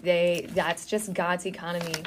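A middle-aged woman co-hosting a casual Bible study chat, retelling stories in an animated way and acting out the quotes. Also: lowish voice, a little slow, slight background noise. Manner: animated storytelling, acts out quotes, laughs often. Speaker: co-host.

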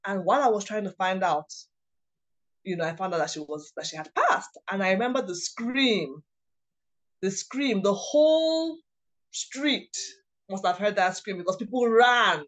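Woman, personal storytelling, halting, emotional, restarts sentences, mother. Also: mid-range voice, animated, a bit bright. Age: adult mother of several children. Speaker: guest sharing a personal story.

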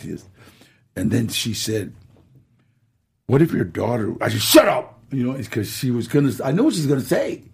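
A middle-aged man with a rough, gravelly voice and a heavy husky edge. He tells his stories with a lot of movement in his pitch, acting out the lines of the people in them and laughing along the way. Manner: animated storyteller, acts out quotes and laughs. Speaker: actor guest. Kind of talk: storytelling interview.

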